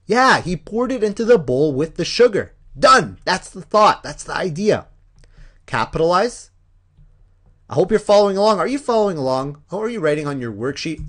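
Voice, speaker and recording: A man teaching a punctuation lesson, explaining step by step in an animated, playful way. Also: on the high side, brisk. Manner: animated, playful, acts out examples.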